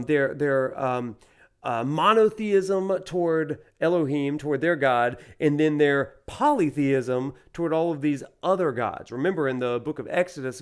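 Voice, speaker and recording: A man from Alabama with a Southern US accent, a university professor lecturing while playing a video game, talking in an animated, rambling way with many fillers. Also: fairly high pitch, clean tone. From Alabama, USA. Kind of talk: lecture over gameplay.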